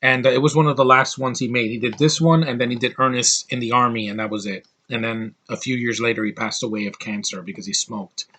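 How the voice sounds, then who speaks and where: A man's voice: mid-range voice, fairly even intonation, quick pace, hardly any pauses, sharp tone. A man giving a casual spoken film review, rambling with lots of fillers and restarts, sounding tired. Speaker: movie reviewer.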